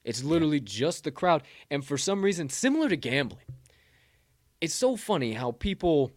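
A man hosting a podcast, giving a loud, profanity-laced motivational rant that swings between shouting and low, intense tones. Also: dry recording, studio quality. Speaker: podcast host.

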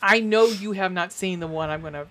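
A woman's voice: fairly low pitch, a little fast, fairly bright tone. A woman co-hosting a podcast in casual chat, rambling with fillers and restarts. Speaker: podcast co-host.

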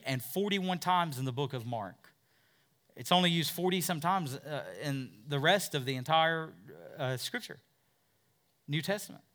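Male pastor, emphatic sermon, bright tone, higher pitch. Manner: emphatic preaching with acted quotes.

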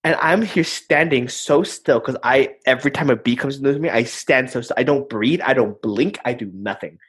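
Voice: mid-range voice, normal speed, husky. A young adult in a casual chat, telling stories with lots of fillers and restarts. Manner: animated storyteller, many fillers.

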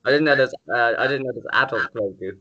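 A man's voice: medium pitch, quick pace, pushed and bright, highs cut off. A tired young man from the UK co-hosting a casual podcast, joking and rambling with swears. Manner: jokey, rambling, swears, mock announcer bits. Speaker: podcast co-host. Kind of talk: casual chat.

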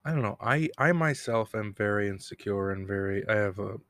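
This podcast host, a man with a lowish, expressive, slightly bright voice, moves briskly through a casual solo recap of a TV episode. He wanders off on tangents, cracks jokes at his own expense, and laughs at them. There's no echo in his home recording room, where a cat bell can be heard nearby.

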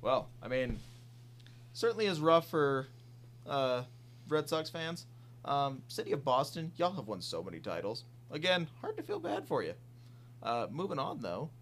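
A man's voice: medium pitch, sing-song, normal speed, fairly bright tone. Wry man hosting a sports podcast. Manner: wry, joking asides. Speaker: podcast host. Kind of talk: casual sports chat.

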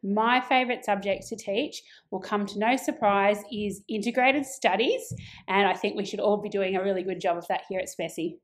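A woman's voice: mid-range voice, moderate pace. An Australian woman in her forties, a primary school teacher answering interview questions in a friendly, lightly joking way. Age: 40s.

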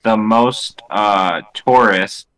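A young man joking around with friends during a movie commentary. His voice is bright and forward, and he keeps the chat playful and quick to laugh. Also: on the low side, smooth, rough recording. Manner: jokey, laughing, playful bits.

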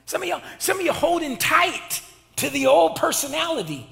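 Pastor guy preaching loud and slangy, bright edgy voice, big echoey church. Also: very high-pitched, expressive, moderate pace, gravelly. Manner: impassioned preaching with call-and-response; colloquial, slangy. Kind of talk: sermon. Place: church sanctuary. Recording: reverberant hall.

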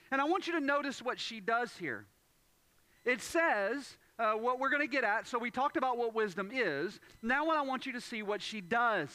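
A man preaching a sermon, emphatic, repeating key phrases and building up to loud points. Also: extremely high pitch, no echo. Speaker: pastor.

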